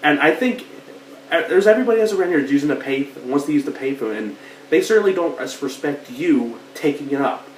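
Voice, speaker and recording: A pushy stranger whines indignantly about waiting his turn at a payphone, put on by a man retelling a film. The voice is pitched up and pressed, quick in places. The sound is roomy and distant, with faint hiss underneath. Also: lively intonation, close to an everyday voice.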